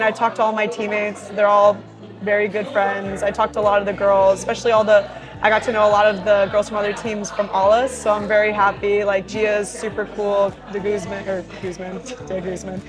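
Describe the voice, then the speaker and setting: A young woman from Hawaii chats about her sport in a casual Q&A, upbeat and loose, full of "like" and "you know". Her voice sits at an ordinary middle pitch. Clear music plays underneath her. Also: little pitch movement, brisk, rough recording. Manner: chatty and upbeat, with many fillers like "like" and "you know". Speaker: professional volleyball player. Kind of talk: casual Q&A, reading fan questions aloud and answering. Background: background music.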